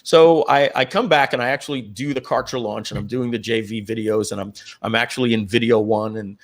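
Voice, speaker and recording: A middle-aged man with an ordinary mid-range pitch tells a personal story at length. He restarts his sentences, doubles his words and clears his throat often, in a loose, conversational way. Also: fairly even intonation, a little fast. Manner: rambling, with frequent restarts and repeated throat-clearing. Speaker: company founder.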